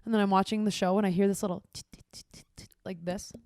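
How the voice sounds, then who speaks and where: A woman's voice: mid-range voice, steady tone, quick pace, darkish tone, no echo, studio quality. A woman in her twenties co-hosting a casual podcast, telling a story animatedly, acting out her own reactions and swearing freely. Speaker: podcast co-host.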